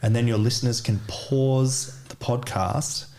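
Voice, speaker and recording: A man's voice: mid-range voice, steady tone, measured pace, vocal fry, dark tone. Rambling Australian man, casual chat. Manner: rambling, lots of filler words. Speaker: guest, DJ and music producer.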